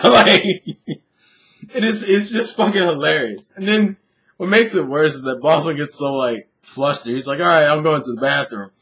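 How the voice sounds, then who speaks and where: A man's voice: on the high side, fairly bright tone. A young man casually recapping an anime episode, rambling, swearing freely and laughing often. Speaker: anime reviewer.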